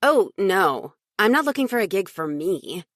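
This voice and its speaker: A woman's voice: medium pitch, big pitch swings, measured pace, fairly bright tone, no echo, studio quality. A woman voicing a young green witch who speaks earnestly and a little flustered.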